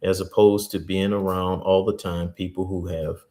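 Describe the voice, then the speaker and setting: A host giving a teaching talk, repeating key points slowly and earnestly, with stories from church life. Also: male voice, low-pitched, level tone, mellow.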